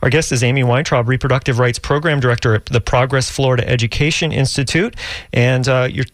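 Halting male radio talk host. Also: mid-range voice, steady tone, no echo, clean studio sound. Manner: halting, many restarts and fillers. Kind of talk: call-in radio interview.

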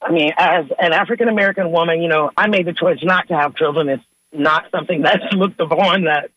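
A woman calling in to a radio show, giving an earnest, measured comment. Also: on the low side, steady tone, no room sound, muffled recording. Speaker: caller. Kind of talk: call-in comment.

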